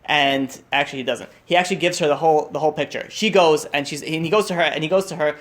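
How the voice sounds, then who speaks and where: A young man telling a story at a holiday meal, talking fast and tumbling over his words. His voice sits somewhat high for a man, and he keeps restarting with lots of fillers. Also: fairly bright tone. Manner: rushed, restarts often, many fillers.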